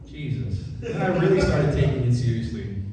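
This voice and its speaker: A man's voice: mid-range voice, sing-song, normal speed, dark tone. A young man performing a stand-up comedy set, telling stories casually and with lots of swearing. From Mexican heritage. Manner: profane, conversational storytelling. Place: comedy club stage with a laughing crowd. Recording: echoey, distant, noisy club recording.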